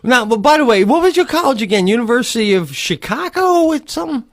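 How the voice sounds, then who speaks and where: A man's voice: very high voice, big pitch swings, fast. A man co-hosting a comedy podcast, teasing his partner in casual chat. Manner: teasing, laughing often. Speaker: podcast co-host.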